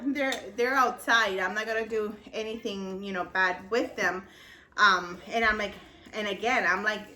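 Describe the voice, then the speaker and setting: A middle-aged woman with a bright, slightly raised voice tells a family story to her viewers. She laughs through her words and acts out both sides of the exchange. Her tone stays crisp and lively throughout. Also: a little high, a little hiss or hum. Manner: laughs often while telling the story. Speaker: vlogger. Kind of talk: casual storytelling.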